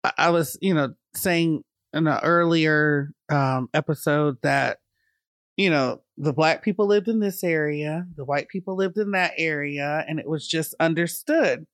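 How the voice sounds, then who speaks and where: A woman's voice: deep voice, dry recording. Thoughtful woman host, dry close sound. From Bolivia. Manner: thoughtful, measured questions. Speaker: podcast host. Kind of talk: interview questions.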